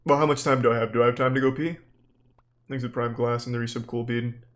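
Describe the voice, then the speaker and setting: A young man streaming live, chatting casually with viewers in a deadpan, exasperated way, swearing freely. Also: mid-range voice, quick pace. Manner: deadpan, profane, exasperated rants at chat.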